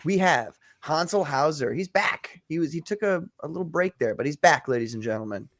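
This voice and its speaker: A man's voice: a little high, expressive, fairly quick, fairly bright tone, no room sound, studio quality. A man hosting a casual livestream podcast, chatty and greeting viewers one by one. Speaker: podcast host.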